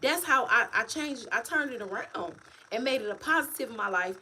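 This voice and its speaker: Animated woman livestreaming about her life. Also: fairly high pitch, brisk, slight background noise, poor audio. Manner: animated, repetitive, preachy, addresses viewers as y'all. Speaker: author and vlogger. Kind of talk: casual livestream talk to viewers. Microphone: phone or webcam, livestream.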